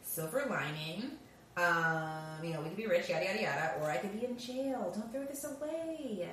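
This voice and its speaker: A woman voicing a smooth-talking, lying young man who pleads in a coaxing tone. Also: fairly low pitch, lively intonation, normal speed, fairly bright tone, far from the mic. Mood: wheedling. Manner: coaxing, glib. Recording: roomy echo with faint background noise.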